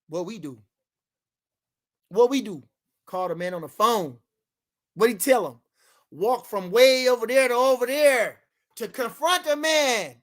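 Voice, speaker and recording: A man streaming a heated boxing rant to his live chat, loud and repetitive, swearing freely and breaking into shouts. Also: extremely high pitch, expressive, a little slow, long pauses.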